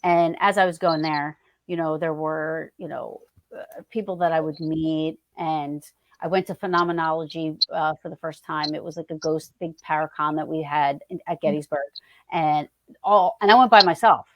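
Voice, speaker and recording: Lowish-voiced woman telling a ghost story. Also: normal speed, no echo, lo-fi sound. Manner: excitable, swears freely, repeats herself. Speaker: guest. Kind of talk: animated storytelling.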